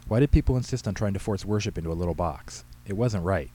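A man reads his own funny story aloud in a brisk, wry storybook style. His low, mellow voice is slightly rough, he moves through the text quickly, and the audio quality is poor.

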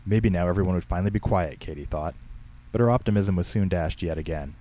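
A man narrating a story in a dry, even manner. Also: low voice, quick pace. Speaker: audiobook narrator. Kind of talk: scripted narration.

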